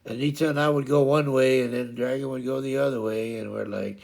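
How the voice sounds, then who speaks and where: A man's voice: medium pitch, steady tone, brisk, creaky, few pauses, a little mellow. A man hosting his stream, telling a funny story in a rambling way with many fillers, searching for words and laughing as he goes. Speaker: streamer host. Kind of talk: casual storytelling chat.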